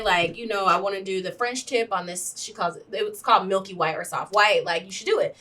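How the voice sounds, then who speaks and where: Animated, bright-voiced woman telling a story. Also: mid-range voice, fast, few pauses, far from the mic. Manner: animated storyteller, acts out quotes, shrieks for comic effect. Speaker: podcast co-host. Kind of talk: casual chat.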